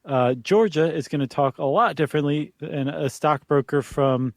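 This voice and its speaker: A man co-hosting a podcast in casual chat, relaxed and joking, thinking aloud with fillers. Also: on the high side, normal speed, no room sound. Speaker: podcast co-host.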